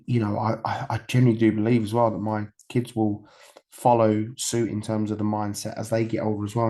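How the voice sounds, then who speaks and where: A man's voice: fairly low pitch, warm tone. A man in his thirties from the United Kingdom, a podcast guest telling stories candidly, rambling with fillers, restarts and swearing. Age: 30s. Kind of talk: candid conversational storytelling.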